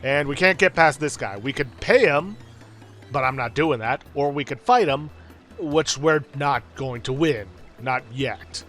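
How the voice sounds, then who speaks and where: A man's voice: mid-range voice, a little slow, fairly bright tone, soft background music. A man casually commenting on his gameplay, with a self-deprecating, hedging manner. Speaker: let's play host.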